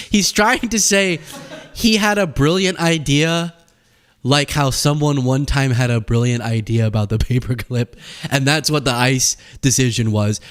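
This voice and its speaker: Animated man ranting about politics. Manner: animated storytelling, acts out quoted people in high voices. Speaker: political commentary host. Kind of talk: casual political commentary.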